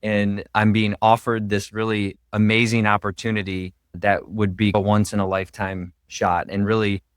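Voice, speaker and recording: A man's voice: fairly low pitch, flat delivery, normal speed, clear, resonant tone, no echo, clean studio sound. A man, a radiation oncologist, explaining his work in an earnest, step-by-step way as a podcast guest. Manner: earnest, explanatory, heavy on "really" fillers. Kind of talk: interview podcast conversation.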